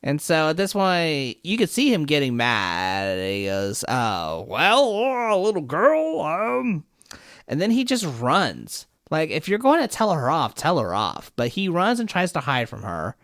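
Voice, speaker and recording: A man's voice: a little high, huge pitch swings, measured pace, fairly bright tone, no echo, studio quality. A man co-hosting a podcast, animatedly retelling an episode and quoting the characters. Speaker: podcast co-host. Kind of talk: casual chat, retelling an episode.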